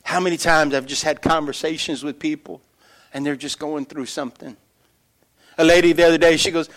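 A middle-aged pastor preaches with a voice pitched a little above most men's. He tells stories with lively swings in loudness, then drops low and earnest to press his point home. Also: a little fast. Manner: animated storytelling that shifts between loud excitement and quiet earnest emphasis. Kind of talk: sermon.

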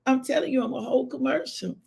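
Woman host, casual morning chat, a bit higher pitch, raspy and animated. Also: fairly quick. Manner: lively, laughing, chatty with live viewers. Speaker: host of a morning devotional show.

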